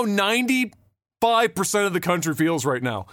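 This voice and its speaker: A man's voice: high voice, sing-song, moderate pace, fairly bright tone, no echo, clean studio sound. A man co-hosting a podcast, ranting in casual chat with plenty of swearing and mocking impressions. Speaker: podcast co-host.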